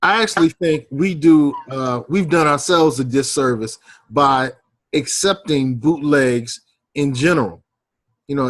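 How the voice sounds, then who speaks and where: Measured male podcast co-host. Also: fairly high pitch, no room sound. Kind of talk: casual discussion.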